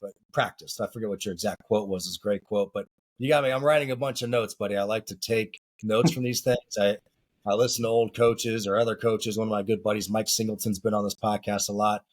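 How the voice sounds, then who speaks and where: A man's voice: fairly low pitch, fairly even intonation, brisk. A man co-hosting a casual podcast as a soccer coach, chatty and rambling with filler words.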